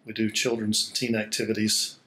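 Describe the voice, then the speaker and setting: A man's voice: lowish voice, monotone, fairly quick, pushed and bright, slight background noise. Man, pastor, walking church tour, chatty, out of breath, laughs a lot, laptop mic, indoors. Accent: Hawaii. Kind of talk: casual walking video tour. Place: small church building indoors. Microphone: laptop held while walking.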